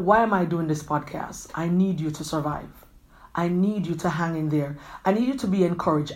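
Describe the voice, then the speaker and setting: A woman hosts her own podcast, speaking in a slightly low voice. She gives an earnest, rambling pep talk, circling back to the same phrases again and again. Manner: earnest, rambling, repeats herself often; quick talker who gestures a lot. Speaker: podcast host. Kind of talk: encouraging motivational talk.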